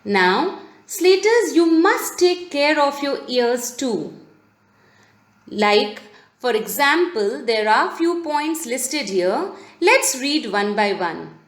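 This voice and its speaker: A woman's voice: high voice, big pitch swings, takes it slowly. A woman teacher reading a lesson to children, spelling out words letter by letter and asking them questions. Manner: sing-song questions to children. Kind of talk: classroom lesson reading aloud. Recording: echoey room.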